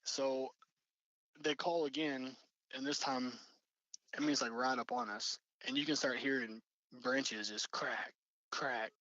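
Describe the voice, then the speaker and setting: Young male storyteller, mid-pitched, loose and rambling, dull dry recording. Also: fairly even intonation, measured pace, long pauses, bright, forceful tone, no room sound. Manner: rambling, many fillers and restarts. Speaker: storyteller recounting an encounter. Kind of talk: casual spoken storytelling.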